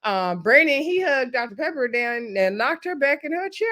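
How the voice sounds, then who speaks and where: Woman doing a casual tv recap, chatty and animated, laughs a lot, says y'all, acts out the quotes. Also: high voice, moderate pace. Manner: uses Southern US slang like y'all and child. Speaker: reality show recap host.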